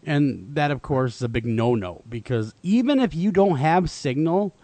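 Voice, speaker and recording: A man's voice: a little high, animated, moderate pace, dark tone, no echo. A man hosting a talk radio show, chatting casually with many fillers and restarts. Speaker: radio host.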